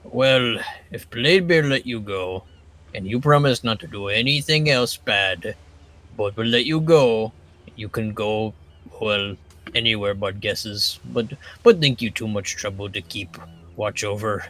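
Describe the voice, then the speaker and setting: A man playing a simple-minded, brutish male first mate who speaks about himself in the third person in a halting, blunt way. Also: on the low side, fairly bright tone.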